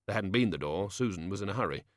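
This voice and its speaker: A man narrating an audiobook with a measured, expressive reading. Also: sits low, no room sound, clean studio sound.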